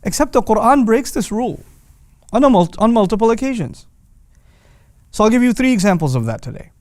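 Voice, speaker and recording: A man's voice: high voice, sing-song, fairly quick, darkish tone, no echo, studio quality. A man teaching a casual lesson on Quranic Arabic, explaining conversationally with everyday examples.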